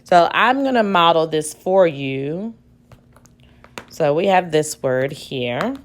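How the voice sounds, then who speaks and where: A woman teacher records a reading lesson for children from home. She speaks slowly and patiently in a somewhat low voice, sounding out each word aloud. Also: lively intonation.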